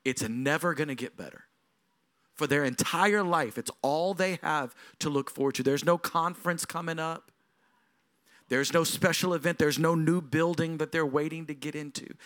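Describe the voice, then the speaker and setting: A middle-aged man, the lead pastor, preaches at a normal speed in a voice that runs a little high. His storytelling sermon swings between soft moments and emphatic ones.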